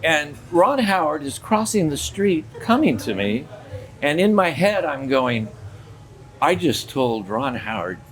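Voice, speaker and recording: A man's voice: fairly high pitch, measured pace, a little hiss or hum. An older man, a theme park character performer telling stories in a casual interview and acting out the dialogue. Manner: animated storyteller acting out dialogue.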